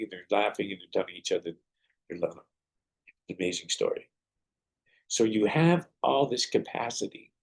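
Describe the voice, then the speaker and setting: Male podcast host, husky and low-voiced, earnest storyteller with preacherly advice. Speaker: podcast host and martial arts teacher. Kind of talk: motivational podcast monologue.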